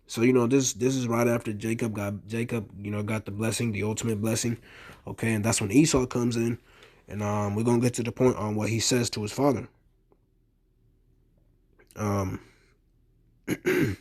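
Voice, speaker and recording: A man reading King James verses aloud and explaining them in loose, everyday talk with many pauses and ums. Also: on the low side, steady tone, a little mellow. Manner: hesitant, many ums and restarts. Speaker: bible teacher. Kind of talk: scripture reading with casual commentary.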